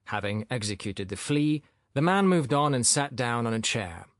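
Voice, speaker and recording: An expressive male audiobook narrator reads scripted narration at medium pitch and normal speed. The sound is clean studio audio with no room sound.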